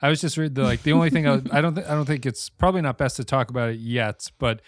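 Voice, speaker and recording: A man's voice: mid-range voice, quick pace, no echo. A man co-hosting a podcast, talking casually about an old film and rambling with self-corrections. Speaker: podcast co-host.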